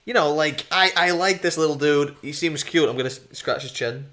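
A man's voice: fairly high pitch, brisk, bright, forceful tone. A man playing a tabletop role-playing game, chatting casually and playfully. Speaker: player.

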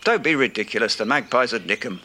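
A man's voice: fast talker, a little hiss or hum. An actor playing a pompous, self-important man with would-be posh airs in a comedy audio play. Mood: indignant. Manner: pompous, indignant, lively pitch swings.

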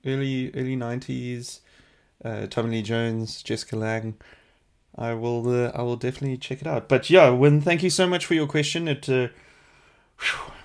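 A man hosting a casual question-and-answer podcast, chatty and animated, laughing often. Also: mid-range voice, normal speed. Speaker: podcast host.

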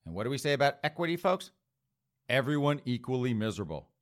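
A man's voice: medium pitch, sing-song, fast. A middle-aged man hosting an opinion talk show, ranting in a sarcastic, mocking tone. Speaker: host.

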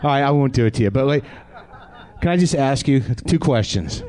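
A man's voice: mid-range voice, animated, brisk, a little mellow, a faint crowd. A man in his forties hosting a comedy podcast live on a theatre stage, riffing with the audience in a profane, sardonic way. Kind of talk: live stand-up banter with audience.

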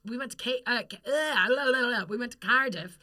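A woman's voice: on the high side, bright, forceful tone. A young Irish woman co-hosting a podcast, telling stories in casual, sweary chat and laughing often. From Ireland. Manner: chatty, sweary storytelling, quick laughs. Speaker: podcast co-host.

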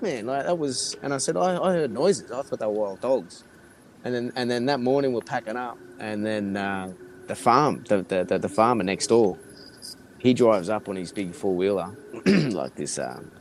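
An Australian man telling a rambling, animated campfire-style story, swearing freely and laughing between lines. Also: fairly low pitch, a little hiss or hum. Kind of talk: casual storytelling.

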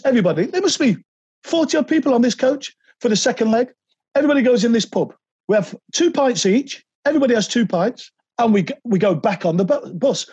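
A man, a podcast guest telling animated anecdotes and slipping into quoted voices. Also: very high voice, husky, no room sound, dull audio. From England. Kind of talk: anecdotal interview storytelling.

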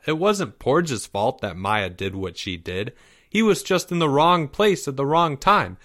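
Slow, measured male storyteller. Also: mid-range voice. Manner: measured, expressive reading. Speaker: narrator. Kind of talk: storybook read-aloud.

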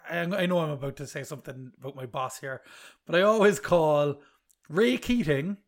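A man's voice: a little high, moderate pace. A man co-hosting a casual podcast, teasing and jokey, swearing freely. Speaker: podcast co-host. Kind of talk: casual chat.

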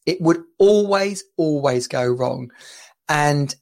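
A man's voice: a little high, lively intonation, slow, vocal fry. A man hosting a casual podcast, chatting and telling stories with lots of laughter and restarts. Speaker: podcast host. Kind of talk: casual chat. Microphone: home podcast mic.

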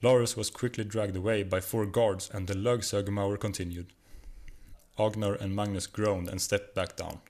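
A man with a Swedish accent narrates a comic short story. His voice is low and his reading is steady and even. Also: normal speed. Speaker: guest reader.

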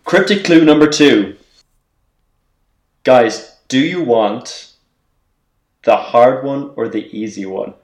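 A man's voice: mid-range voice, slow, long pauses, a little mellow, roomy sound. A man hosting a podcast, playfully setting quiz clues and laughing often in casual chat. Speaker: podcast host.

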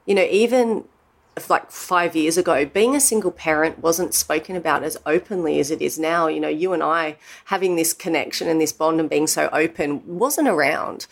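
Low gravelly Australian woman. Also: moderate pace. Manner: open, reflective, many "you know" asides. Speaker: guest. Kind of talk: candid personal storytelling.

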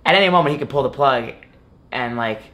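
With a pushed, bright voice at medium pitch, a young college wrestler talks fairly quickly as an interview guest. His casual answers ramble, sprinkled heavily with "like" and "you know."

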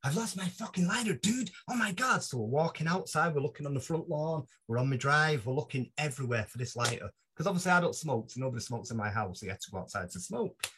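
A man telling a long story as a podcast guest, animated and laughing often, slipping into voices for the people in it. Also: medium pitch, quick pace, few pauses, a little hiss or hum. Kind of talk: casual anecdote telling.

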